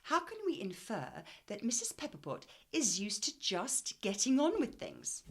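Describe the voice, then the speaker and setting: A woman reading tutor leading an expressive storybook reading lesson and asking comprehension questions. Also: on the high side, a little slow, hardly any pauses, slightly rough.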